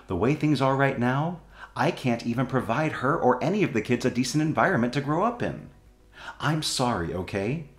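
A guilt-ridden ex-husband begs for help, voiced by a man, his pitch rising and falling a lot. The sound is roomy and echoey, with faint music. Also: animated, moderate pace, lightly acted. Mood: pleading. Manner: pleading, apologetic. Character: remorseful broke ex-husband pleading.

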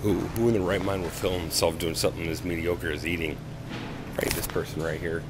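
A middle-aged man films his friends on a handheld camera, narrating a casual vlog and teasing them in a playful, mock-formal manner. His voice sits low with fairly even intonation and a fairly quick pace, and the camera audio is noisy.

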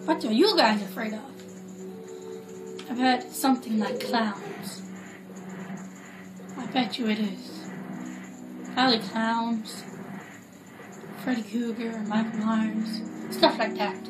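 A high-pitched woman rambles through casual let's play commentary and tosses in jokey asides, never in much of a hurry. She is recorded in an echoey room, with game music playing clearly behind her. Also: slow, pauses often. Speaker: gameplay commentator. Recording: roomy echo with loud game music.

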